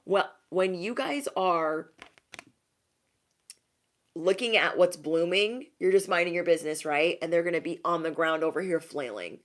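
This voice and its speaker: A woman giving a casual tarot reading to her viewers, sassy and emphatic, repeating lines for effect. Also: normal speed. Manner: mocks others in high put-on voices. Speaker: tarot reader.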